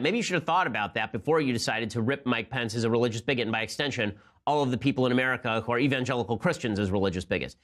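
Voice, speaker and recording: Male political commentator at mid pitch, fast-talking, sarcastic and argumentative. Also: a bit bright. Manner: rapid-fire, sarcastic, argumentative.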